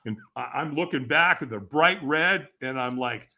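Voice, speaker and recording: A man who is a guest on a podcast, telling a story dramatically and acting out the voices and shouts of the people in it. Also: mid-range voice, lively intonation, normal speed. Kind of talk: animated storytelling.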